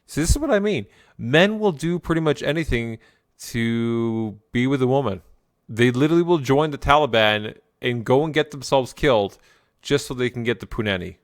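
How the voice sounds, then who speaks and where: A man's voice: mid-range voice, lively intonation, normal speed, no echo, studio quality. A man giving blunt, crude, joking reaction commentary.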